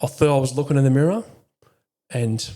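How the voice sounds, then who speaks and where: A man plays a military veteran and father being interviewed on a podcast. His voice sits at a middle pitch, and he speaks frankly and reflectively. He swears freely as the conversation goes on. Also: brisk, mellow.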